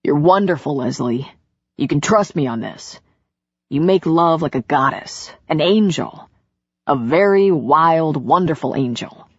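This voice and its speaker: A woman voicing a gentle, reassuring man in a romance audiobook, speaking low, soothing and teasing. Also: animated, unhurried, slightly rough, no echo, exaggerated voice. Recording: dull lo-fi audiobook recording.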